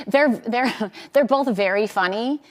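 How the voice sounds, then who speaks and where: A woman's voice: a little high, slow. A woman guest on a talk show, speaking candidly and laughing about being a parent. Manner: candid, laughing, self-deprecating. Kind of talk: casual interview chat.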